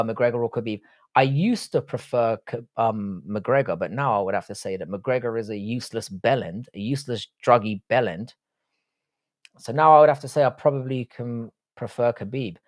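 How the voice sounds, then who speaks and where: A man's voice: mid-range voice, dry recording, studio quality. A man, hosting a casual livestream, reading out viewer comments and bantering with plenty of swearing and slang. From United Kingdom. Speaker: livestream host.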